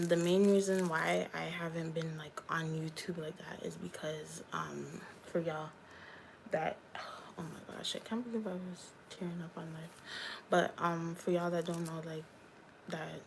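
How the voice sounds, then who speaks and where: Young woman on a casual livestream, low gravelly voice, unhurried, candid chat with viewers. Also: a little hiss or hum, poor audio. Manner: candid, talks straight to viewers as y'all. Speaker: YouTuber and hairstylist.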